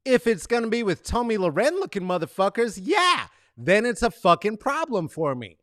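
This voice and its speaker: Here the host talks at a normal speed in a high voice, recorded dry in a studio. His comedic monologue is casual and rambling, laced with profanity and animated rants with mock boos and cheers. He comes from the San Francisco Bay Area, where he has lived for decades.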